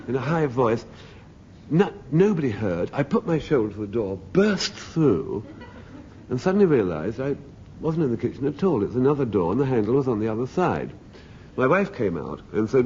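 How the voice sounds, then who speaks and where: A man's voice: medium pitch, sing-song, moderate pace, darkish tone. A middle-aged man telling a wry, droll comic anecdote as a panelist on a radio panel show. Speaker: comedy panelist. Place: radio studio with audience. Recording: dull 1970s radio broadcast with faint hiss.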